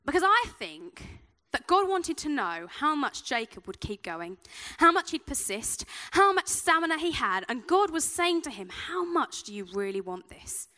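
Bright, lively woman preaching. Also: high-pitched, moderate pace. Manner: chatty, self-deprecating storytelling. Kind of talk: sermon with personal stories.

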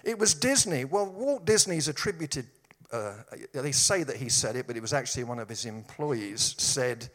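A man's voice: mid-range voice, animated, moderate pace, fairly bright tone. East london guy preaching, jokey and wry, voice bouncing all over the place. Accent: East London English. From East London, England. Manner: humorous storytelling with wry jabs. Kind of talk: sermon.

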